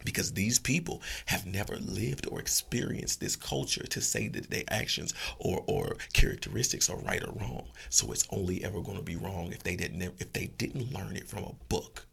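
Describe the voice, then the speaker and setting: A man giving blunt, profane, animated opinions as a guest in a casual podcast chat. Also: low voice, normal speed, gravelly, hardly any pauses, slight background noise.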